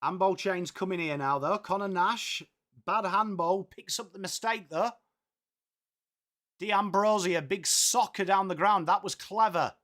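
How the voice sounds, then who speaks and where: A man's voice: sits high, a little slow, fairly bright tone. A man with an English accent hosting a live football watchalong, calling the play casually and chatting with viewers. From England. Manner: chatty, reads viewer comments aloud, swears casually. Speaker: live stream host commentating football.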